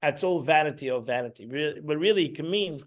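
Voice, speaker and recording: A man's voice: a little high, lively intonation, quick pace. A man, teaching an informal Torah class in a rambling, emphatic way, restarting and repeating himself.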